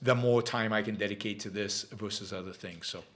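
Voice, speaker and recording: A middle-aged man with an Israeli accent, a native Hebrew speaker, hosting a live podcast Q&A in a casual, halting way with many fillers and restarts. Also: fairly low pitch, fairly even intonation, a bit bright. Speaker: podcast host. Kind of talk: live-stream Q&A chat.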